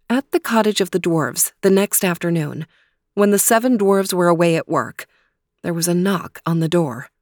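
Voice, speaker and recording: Slow, low-voiced woman reading a storybook. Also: dry recording, clean studio sound. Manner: calm, measured narration.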